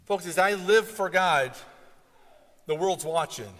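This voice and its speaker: A man preaching to his congregation in a high, bright voice. He tells stories with energy and breaks into loud outbursts. The sound rings out with the long reverb of a big hall. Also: slow pace. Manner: storytelling, animated with sudden loud outbursts. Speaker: pastor. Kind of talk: sermon.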